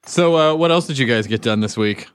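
A man's voice: mid-range voice, lively intonation, brisk, clear, resonant tone. A man hosting a casual comedy podcast from a radio station studio, ribbing his co-hosts with crude jokes. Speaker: podcast host. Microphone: professional studio microphone.

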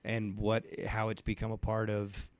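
A man's voice: on the low side, completely flat delivery, moderate pace. A young man hosting a podcast, speaking earnestly and reflectively in a casual interview. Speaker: podcast host.

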